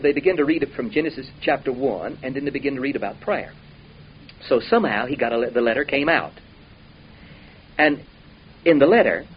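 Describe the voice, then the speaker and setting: A man preaching a sermon in a folksy, emphatic way, his voice swelling and then dropping low. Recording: dull lo-fi recording with faint hiss.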